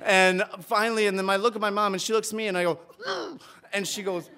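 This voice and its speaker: A man with a high, light voice tells a true story from a stage, lively and comic, and turns tender near the end. He performs it live before an audience. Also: fast, clean tone. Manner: animated, comic, builds to heartfelt.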